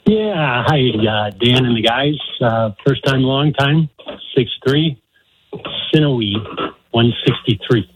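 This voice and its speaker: A man's voice: medium pitch, animated, slow, noisy background. A man in his sixties calling into a sports radio show, easygoing and a bit hesitant. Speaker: radio caller.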